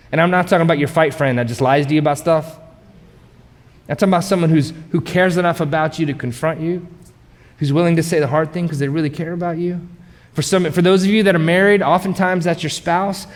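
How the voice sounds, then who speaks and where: A middle-aged man preaching a sermon as pastor, conversational and energetic, sometimes shouting for emphasis. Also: sits high. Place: large church auditorium. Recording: long reverb of a big hall.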